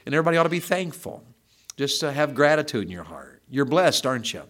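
A man's voice: mid-range voice, sing-song, quick pace, fairly bright tone. A man with a Southern American accent preaching a sermon in church, asking his congregation questions and rising into emphatic bursts. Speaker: pastor.

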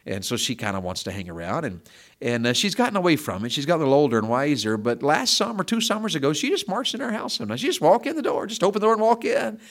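A middle-aged man preaches a conversational, story-filled sermon, swinging from hushed asides to loud, emphatic build-ups and often repeating words. He talks fast, with a fairly high pitch and big pitch swings.

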